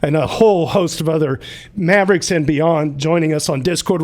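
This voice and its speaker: A man hosting a casual livestream, upbeat and chatty, running through announcements and names. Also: a little high. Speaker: livestream host.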